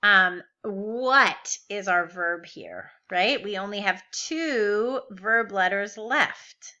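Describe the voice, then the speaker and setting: Slow, bright-voiced woman teaching grammar. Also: medium pitch, highs cut off. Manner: patient, walks through forms step by step, asks rhetorical questions. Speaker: Biblical Hebrew teacher. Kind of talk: recorded classroom lesson.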